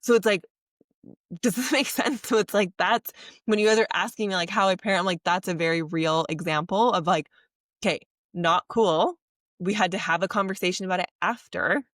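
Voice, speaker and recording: A woman's voice: mid-range voice, brisk, a bit bright, no echo, distant mic. Woman host, chatty earnest monologue, dry sound, a little off-mic. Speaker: podcast host. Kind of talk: casual monologue on parenting.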